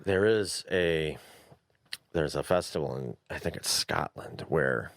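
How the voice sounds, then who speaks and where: A podcast co-host with a very deep, gravelly voice, chatting casually about games. He swears often and rambles, laughing as he goes. The sound is dry and close. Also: measured pace, no room sound.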